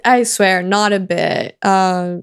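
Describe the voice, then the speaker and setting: A woman's voice: medium pitch, fairly even intonation, slow pace, clear, resonant tone. A woman co-hosting a podcast, chatting casually in a playful, hesitant way. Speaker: podcast co-host.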